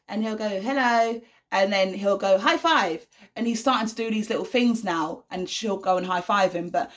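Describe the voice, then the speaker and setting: Chatty young mum, lowish voice. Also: female voice. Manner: chatty, many fillers and "do you know what I mean". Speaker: vlogger, mother of an autistic son. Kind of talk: casual talk to camera.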